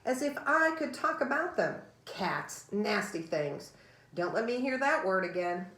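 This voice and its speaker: A woman voicing a shrill, easily offended little male mouse who speaks in a fussy, indignant way. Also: big pitch swings, unhurried, sharp tone. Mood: disgusted. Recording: roomy echo.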